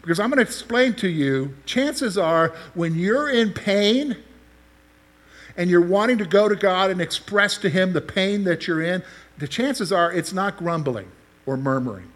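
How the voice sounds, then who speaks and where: A man's voice: sits high, expressive, unhurried, fairly bright tone. A man preaching a sermon, explaining scripture and asking the listeners questions as he teaches. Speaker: pastor.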